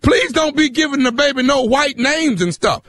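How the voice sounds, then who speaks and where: Man, very high voice, deadpan, needling, prank caller. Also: moderate pace, noisy background. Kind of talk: prank phone call.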